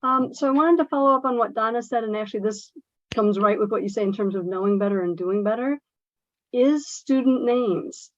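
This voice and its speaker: A woman language teacher makes an earnest, emphatic point, full of fillers and asides. Her voice sits fairly high, and the video-call audio sounds dull and dry. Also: brisk, no room sound. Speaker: ESL instructor. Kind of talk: discussion remark in a workshop.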